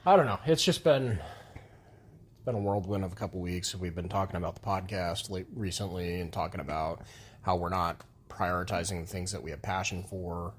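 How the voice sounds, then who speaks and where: A man's voice: deep voice, moderate pace, slightly rough. A man, co-hosting a casual podcast, frank and rambling, with some swearing. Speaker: podcast co-host. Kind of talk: casual couple's podcast chat.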